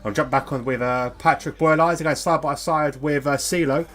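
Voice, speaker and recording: A man's voice: fairly high pitch, steady tone, a bit bright, faint music behind. A man co-commentating an online sim race live, casual and talkative, chatting with viewers between calls. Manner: fast, casual, banter with chat.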